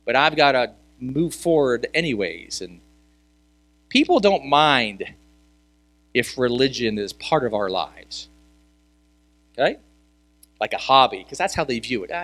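A man's voice: a little high, bright, forceful tone, dry recording. A male pastor preaching a sermon in a conversational way, asking rhetorical questions and repeating key words for emphasis.

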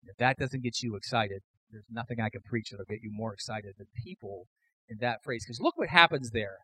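A man preaching a sermon as pastor, emphatic, building to loud repeated declarations. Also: medium pitch, fairly quick, breathy edge, dry recording, poor audio.

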